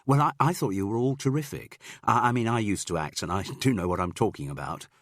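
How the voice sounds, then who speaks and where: A man voicing a shrewd middle-aged woman amateur sleuth who talks in a brisk, coaxing way with small stammers. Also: on the low side, expressive, a bit bright, no echo, clean studio sound, pitched above the performer's own voice.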